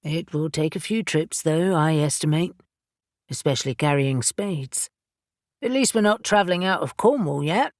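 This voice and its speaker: A woman voicing a composed, reassuring young winged man in an audiobook, speaking in a steady, matter-of-fact way. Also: sits low, moderate pace, no echo, clean studio sound.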